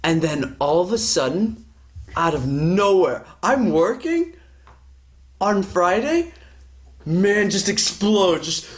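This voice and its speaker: A man's voice: high-pitched, slow, long pauses. A man hosting a podcast, swearing freely as he tells a workplace story in casual chat. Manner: profane, animated storytelling. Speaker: podcast host.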